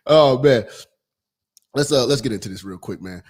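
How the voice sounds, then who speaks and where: A man with a medium-pitched voice hosts a call-in radio show, ranting loudly and crudely. He rambles, swears, and frequently bursts out laughing.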